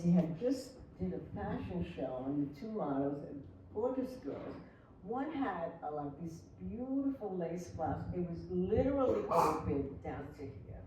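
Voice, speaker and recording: An older woman with a fairly low voice, a flamenco artist, tells lively anecdotes on stage before an audience in a hall, laughing and acting out the people she quotes. The recording is echoey, with a distant mic and faint noise.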